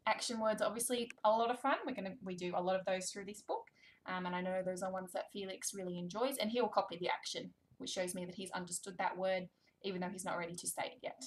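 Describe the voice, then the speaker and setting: A young adult woman, a speech therapist, gently and encouragingly explaining tips while reading a book with a toddler. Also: medium pitch, fairly even intonation, quick pace, slight background noise.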